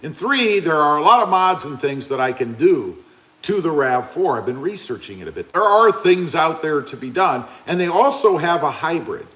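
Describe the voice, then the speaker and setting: Lively, animated man hosting a stream. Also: a little high, normal speed. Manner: chatty, reads viewer comments aloud. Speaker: live stream host. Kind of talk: casual live stream chat.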